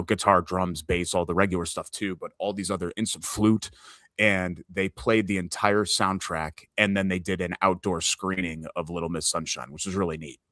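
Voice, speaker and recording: A man co-hosting a sports talk show from a hotel room, talking in a hushed, easygoing way. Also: sits low, dry recording, clean studio sound. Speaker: podcast co-host.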